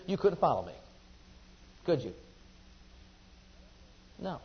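A man preaching a sermon who asks the congregation questions and swings between loud emphasis and quiet asides. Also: sits high, husky, dull audio.

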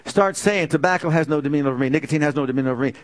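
A man preaching a sermon in church, leading the congregation to repeat lines after him, stretching out phrases for emphasis. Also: on the high side. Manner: leads the congregation in call-and-response, drawn-out emphatic phrases.

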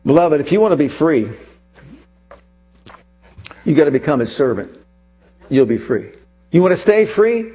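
A man preaching a sermon, swinging from hushed, low asides to soaring, fervent scripture recitals. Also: very animated, normal speed, long pauses, breathy edge, faint music behind. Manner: chants scripture with rising fervor.

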